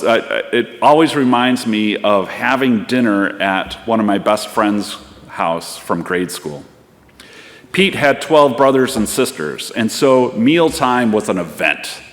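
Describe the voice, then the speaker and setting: A man preaching a sermon as pastor, in a reflective storytelling way. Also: mid-range voice. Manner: storytelling, reflective, acts out voices. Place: church sanctuary. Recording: long church hall reverb.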